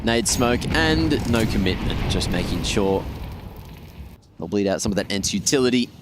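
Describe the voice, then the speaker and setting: Low-voiced, analytical male caster. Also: very noisy. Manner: measured, analytical. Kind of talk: tactical game analysis.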